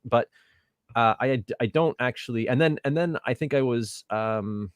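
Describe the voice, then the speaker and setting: A middle-aged man on a video call interview, telling stories in a rambling, self-deprecating, animated way through a home microphone. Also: medium pitch, moderate pace, clean tone, dry recording, studio quality. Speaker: guest, theatre artistic director. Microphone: home USB microphone on video call.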